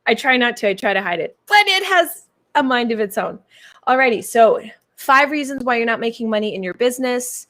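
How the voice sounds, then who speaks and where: A woman from Canada with a Canadian accent, a business coach chatting casually to her audience on a livestream, playful and bubbly with silly made-up words. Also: medium pitch.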